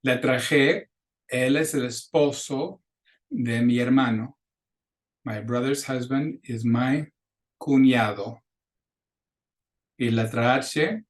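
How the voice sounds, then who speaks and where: A man teaching a beginner language lesson, speaking in an even, mid-pitched voice. He explains things patiently and slows right down whenever he models a word for students. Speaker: Spanish teacher. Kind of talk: recorded lecture.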